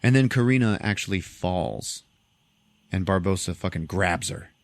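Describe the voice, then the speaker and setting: Here a podcast host with a low voice and moderate pace recaps a movie in animated, profane fashion, laughing often along the way. No echo is audible.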